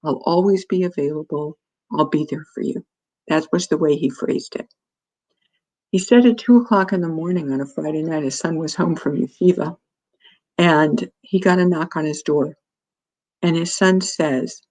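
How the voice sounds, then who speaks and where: A woman's voice: on the low side, normal speed, darkish tone, low-quality recording. A woman presenting a parent workshop, speaking earnestly and telling stories with quoted dialogue. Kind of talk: lecture to parents.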